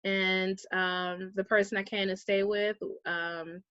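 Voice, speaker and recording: A woman guest recounts a personal story in a relaxed interview. She speaks in an animated way and slips into the voices of the people she quotes. The recording is dry and a little muffled. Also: mid-range voice, slow, smooth, dry recording. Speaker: guest, vegan activist.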